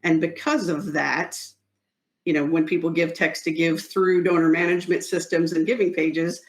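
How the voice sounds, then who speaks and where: A woman on a podcast as a guest who advises nonprofits, explaining in casual chat with pauses and restarts. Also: deep voice, fairly even intonation.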